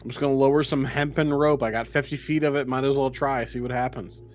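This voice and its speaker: A man's voice: medium pitch, steady tone, fast, soft background music. A man playing a tabletop game casually, asking rambling, wordy questions. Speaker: player.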